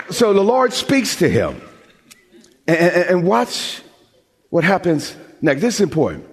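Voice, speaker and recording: A man preaching a sermon as pastor, with dramatic pauses, rising emphasis and questions thrown out to the congregation. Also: sits high, big pitch swings. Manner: call-and-response questions to the congregation.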